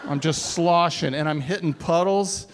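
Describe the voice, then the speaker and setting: Animated man telling a stage story. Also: a little high, moderate pace, a little hiss or hum. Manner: animated, self-mocking, acts out dialogue. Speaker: speaker. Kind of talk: storytelling talk to a live audience. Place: stage before a college audience.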